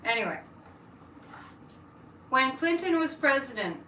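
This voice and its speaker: Woman, high bright voice, chatty ranting livestream host, echoey room, mic a bit far. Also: sing-song, unhurried, slight background noise. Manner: chatty, ranting political asides. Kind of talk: live-stream chat, reading comments.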